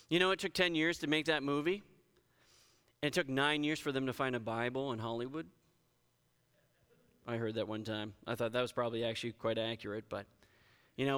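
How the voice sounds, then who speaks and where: A man's voice: medium pitch, fairly bright tone, clear, resonant tone. A man, a pastor, giving a conversational sermon and reading scripture with emphasis. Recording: reverberant hall.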